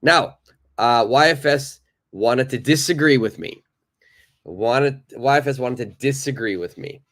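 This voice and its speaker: A man's voice: mid-range voice, measured pace, fairly bright tone. A man teaching a live online English lesson, chatting loosely with many fillers and reading from the chat.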